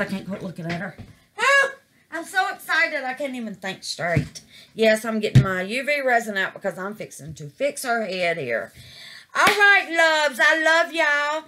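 A woman's voice: a little high, sharp tone, slight background noise. A woman gushing over her resin craft in a casual vlog, calling her viewers baby and y'all.

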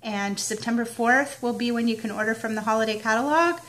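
A woman's voice: on the high side, brisk, fairly bright tone. A woman demonstrating card making, chatting casually as she works and narrating each step. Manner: chatty, self-narrating while working. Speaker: papercraft demonstrator. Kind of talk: casual crafting tutorial.

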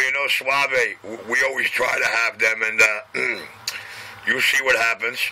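A man chats over a CB radio from his small shop, reeling off boastful rhyming patter. His voice is very bright and sharp. There is a faint hiss of noise behind him. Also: medium pitch, poor audio. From New York. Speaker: CB radio operator. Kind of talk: casual CB radio chatter.

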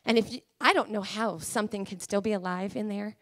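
A woman preacher giving an emotional, passionate sermon, swinging between hushed talk and fiery proclamation. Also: medium pitch, fairly quick, dry recording. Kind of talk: Pentecostal-style sermon.

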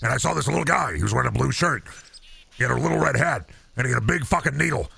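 A man's voice: lively intonation, fast, vocal fry, sharp tone, slightly rough, heavily acted. Man doing a bombastic conspiracy ranter. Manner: bombastic, rambling, salesman pitch. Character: ranting conspiracy-show host selling supplements.

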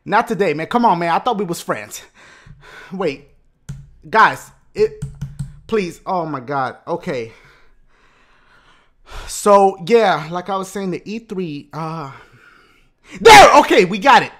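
A young man giving loud, hyper gameplay commentary, swearing and shouting often. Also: high voice, very animated, slow, pauses often. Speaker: gaming YouTuber.

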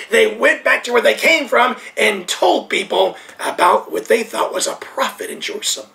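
Preaching in Thailand, this man from the United States has a gravelly, very high voice. His delivery is repetitive and emphatic, hammering points home before falling to a hushed near-whisper.

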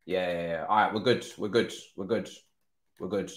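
A young man giving live commentary on his own football video game match, excitable, pleading and swearing often. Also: low voice, normal speed. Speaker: gaming streamer. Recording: roomy echo.

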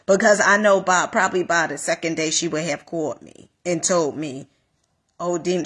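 A woman life coach giving a casual motivational talk, animated, repeating phrases and calling listeners honey. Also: on the low side, husky.

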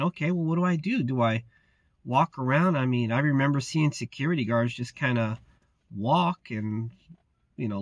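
A man's voice: medium pitch, fairly bright tone, no room sound. A man who works as a security guard, talking casually in a laid-back, slangy way and often saying "man". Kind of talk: casual vlog talk.

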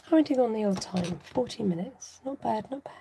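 A woman's voice: a little high, animated, fairly quick, gravelly, dark tone, slight background noise. A woman hosting a card-making tutorial, chatting and thinking aloud to herself as she works. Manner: chatty, self-talking, giggly, scattered.

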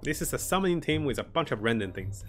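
A man's voice: mid-range voice, very animated, fast talker, a bit bright, soft background music. Chuckling man streaming a strategy game. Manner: thinks aloud, chuckles often, greets viewers. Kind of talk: live gameplay commentary.

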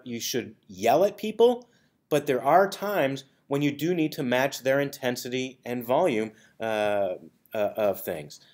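Man giving a casual training talk. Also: mid-range voice. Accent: American. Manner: conversational, many fillers, acts out example phrases. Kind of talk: spoken training presentation.

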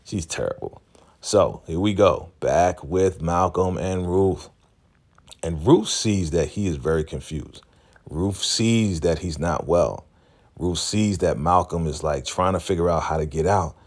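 A man's voice: sits low, measured pace. A man casually recapping a TV episode for his channel, chatty and acting out the scenes he retells. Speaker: show recap vlogger.

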